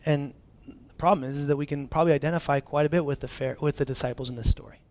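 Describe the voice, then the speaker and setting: Speaking to his congregation, a pastor delivers a conversational sermon in a somewhat high, darkish voice that stays steady and moves fast. He's casual and animated, often restarting phrases and relying on filler words.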